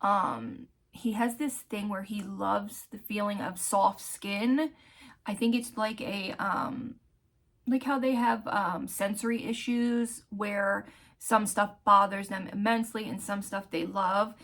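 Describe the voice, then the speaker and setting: A woman vlogger telling a personal story in a candid, heartfelt way, often pausing to search for words. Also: medium pitch, steady tone, a bit bright. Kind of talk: casual storytelling vlog.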